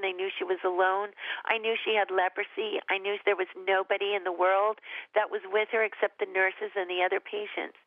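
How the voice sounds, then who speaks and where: A woman guest telling a personal faith testimony in an earnest, emotional way, with halting restarts, heard over a phone call. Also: medium pitch, no echo. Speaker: ministry leader and guest. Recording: tinny phone line.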